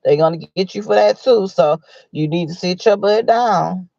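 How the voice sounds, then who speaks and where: A livestream host in casual commentary, animated and exclamatory, laughing often while retelling what others said. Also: medium pitch, normal speed, gravelly, dry recording, dull audio.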